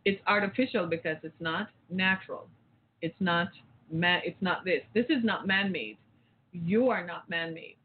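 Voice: medium pitch, a little hiss or hum. Phone caller, impassioned rambling rant, repetitive, rhetorical questions, tinny line. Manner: emphatic, rambling, repeats phrases, rhetorical questions. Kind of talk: impassioned talk-show rant.

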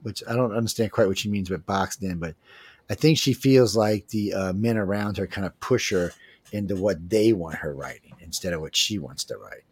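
A man's voice: sits low, normal speed, husky. A man with a Southern Cajun accent hosting a radio show, chatting in a rambling, joking, folksy way. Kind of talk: casual talk-radio chat.

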